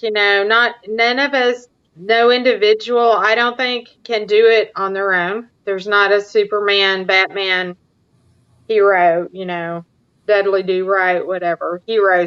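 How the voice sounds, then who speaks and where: Woman talking real slow on a call, lots of pauses, muffled audio. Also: medium pitch, fairly bright tone, smooth. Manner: slow, halting, sympathetic listener. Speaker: chat participant. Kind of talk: casual video chat. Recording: dull lo-fi online call audio.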